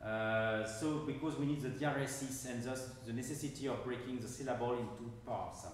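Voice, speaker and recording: A man with a French accent giving an academic lecture on music, speaking carefully and haltingly while pointing to score examples. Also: medium pitch, steady tone, a little hiss or hum. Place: large lecture hall. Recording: echoey hall, mic far off.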